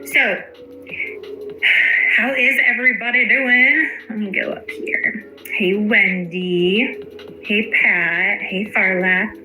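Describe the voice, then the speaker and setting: A woman's voice: medium pitch, steady tone, slow pace, pauses often, bright, forceful tone. A woman hosting a casual livestream, greeting viewers by name and swearing freely. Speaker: livestream host. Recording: echoey room with faint music.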